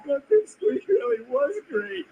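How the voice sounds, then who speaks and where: A man voicing a smug male cartoon mouse showman, mock-modest as he basks in applause, in an animated film clip. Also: very high-pitched, measured pace, narrow, tinny audio, full character voice. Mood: basking. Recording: roomy film clip with noise.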